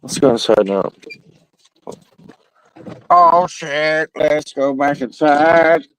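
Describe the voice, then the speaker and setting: A man's voice: fairly high pitch, extremely slow, a little hiss or hum, poor audio. A man vlogging casually outdoors in the rain, rambling and swearing loosely to himself and his cat.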